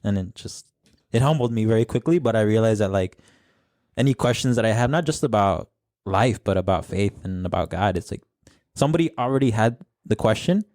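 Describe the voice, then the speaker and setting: Young man, low and mellow, bilingual chat. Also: a little fast, no room sound, clean studio sound. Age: young adult. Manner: relaxed, mixes English with Spanish phrases. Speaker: podcast discussion leader. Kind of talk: casual podcast chat.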